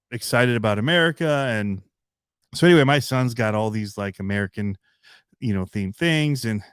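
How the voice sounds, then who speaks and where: A man hosting a hobby channel livestream, chatting in a rambling, relaxed way with lots of fillers and little laughs. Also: on the low side, clean tone, dry recording, clean studio sound. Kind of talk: casual livestream chat.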